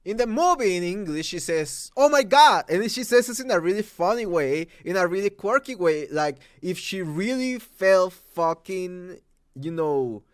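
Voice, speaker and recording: A man's voice: high-pitched, fairly bright tone, dry recording, studio quality. A young Mexican man with a Mexican accent, ranting about a movie dub, profane and exasperated with frequent restarts. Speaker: movie reviewer. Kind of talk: angry rant.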